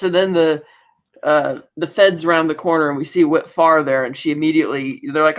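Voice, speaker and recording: A woman's low, steady voice at a moderate pace carries this casual TV episode recap on a podcast she co-hosts. She acts out lines from the scenes, and the sound quality is dull and lo-fi.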